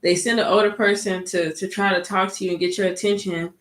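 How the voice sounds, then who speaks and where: A woman vlogger tells a story in a loose, chatty way, dropping "like" and "you know" throughout. Her voice sits at a middle pitch. The recording has a roomy echo. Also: level tone, brisk, fairly bright tone. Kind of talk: casual storytime. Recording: echoey room.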